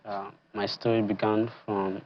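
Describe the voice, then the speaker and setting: A teenage boy from Nigeria answering interview questions quietly and politely, calling the host sir. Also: fairly low pitch, flat delivery, a little slow, lo-fi sound. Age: teens. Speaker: chess champion guest.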